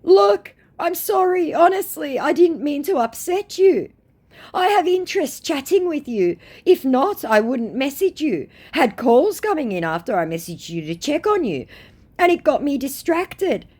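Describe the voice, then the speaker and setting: A sulky male online scammer in broken English, whining and taunting in a pinched, high voice, as a woman puts him on. The lines wander up and down and are drawn out slowly. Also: sing-song, a little mellow. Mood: pleading. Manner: whiny, affronted, taunting.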